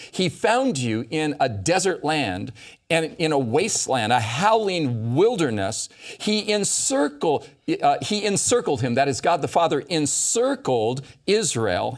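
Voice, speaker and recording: Leading a round-table Bible study, this man teaches scripture in an animated, emphatic way, giving quoted verses dramatic stress. His mid-range voice is unhurried.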